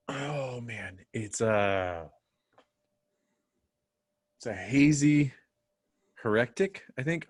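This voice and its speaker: A man's voice: medium pitch, no room sound. A man co-hosting a casual podcast, rambling through stories with lots of fillers. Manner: rambling storyteller, chatty fillers. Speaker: podcast co-host. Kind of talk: casual chat.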